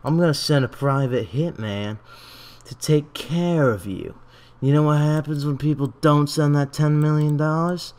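A man's voice: a little high, a little slow, a little mellow, voice pushed up, close to an everyday voice. A man voicing a threatening male caller leaving an extortion voicemail as a prank. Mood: menacing. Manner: threatening, repeats demands.

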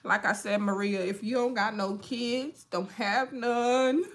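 A woman's voice: on the high side, fairly even intonation, unhurried. A young woman chatting casually to viewers at home as a makeup vlogger and mom, frank and slangy, laughing often. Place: home with children nearby.

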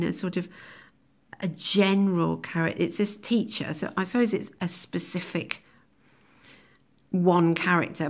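Teacher, woman, low gravelly voice, chatty and self-mocking. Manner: thinking aloud with many ums, laughing at her own jokes. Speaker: English teacher. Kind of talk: recorded video lesson on a poem.

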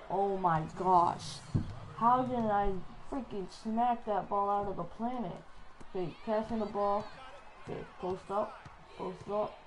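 A woman giving live commentary over a basketball video game, excitable and playful, trash-talking the players. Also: mid-range voice, slight background noise, poor audio. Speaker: gaming channel host.

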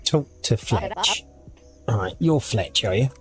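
Over music, a male gaming video creator plays through a game, casually commenting, thinking out loud, and reading the on-screen text. He speaks slowly and in a very animated way at a medium pitch.

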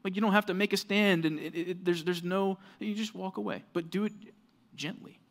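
A man's voice: sits high, steady tone, a little fast. A man preaching a sermon as pastor, conversational and earnest, with frequent fillers like "right" and "like".

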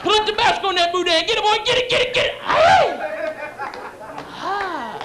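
A man's voice: extremely high pitch, sing-song, moderate pace, a crowd in the background, voice pushed up. A man voicing a rowdy, boastful backwoods man with a Cajun accent who lets out hooting yelps.

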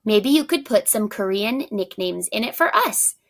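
A woman's voice: mid-range voice, animated, moderate pace. A woman reading aloud and voicing a kind young schoolboy who speaks hesitantly, a little embarrassed. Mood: sheepish.

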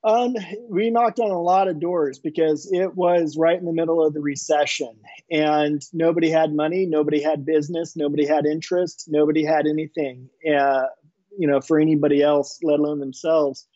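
A middle-aged man with a fairly high, mellow voice tells a long story in a casual interview. He rambles a little and restarts his sentences. The sound is dry and a bit dull. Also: moderate pace, dry recording. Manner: relaxed, rambling anecdotes with many restarts. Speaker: inventor and entrepreneur guest.

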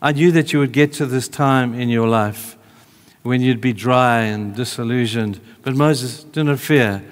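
A man voicing God as a calm, firm male presence who speaks in a measured, quiet way. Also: mid-range voice, big-room sound, close to an everyday voice. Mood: solemn.

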